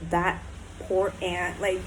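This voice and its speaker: A woman's voice: lowish voice, monotone, slow, slight background noise, rough recording. A woman in a recovery program speaking in a candid personal diary talk, blunt and emotional, swearing often and filling her speech with "like" and "um".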